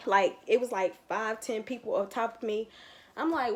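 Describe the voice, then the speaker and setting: Young woman, slangy animated storytime, quoted asides, higher voice. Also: moderate pace. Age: young adult. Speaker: vlogger. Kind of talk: casual storytime.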